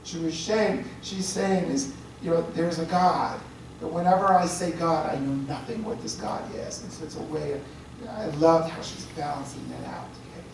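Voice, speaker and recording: Priest lecturing in a chatty way, heard from a distance in a very echoey room with faint hiss. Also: male voice, a little high, normal speed, vocal fry. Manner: chatty, checks in with listeners. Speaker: priest giving a talk. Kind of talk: conversational lecture.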